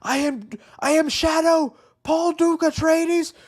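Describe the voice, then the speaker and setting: A man doing a mocking high-pitched celebrity impression. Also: fairly even intonation, slow pace. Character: mock impression of a young male star, overdramatic.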